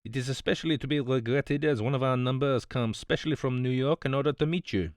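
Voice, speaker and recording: A man's voice: medium pitch, fast, no echo, clean studio sound, close to an everyday voice. A man voicing a fussy, smug older detective, politely reproving, in an audiobook. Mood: smug, precise. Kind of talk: audiobook character voice.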